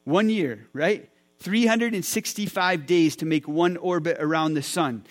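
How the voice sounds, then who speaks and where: A man's voice: a little high, a little slow. A man in his forties, a pastor speaking to his church, enthusiastic and often repeating words as he talks. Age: 40s. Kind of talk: church sermon talk. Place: church sanctuary.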